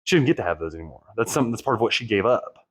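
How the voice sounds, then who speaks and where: A man's voice: lowish voice, animated, racing, slightly rough. Candid, profane man musing aloud. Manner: rambling, profane, self-reflective. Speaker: divorce coach and channel host. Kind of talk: candid personal monologue.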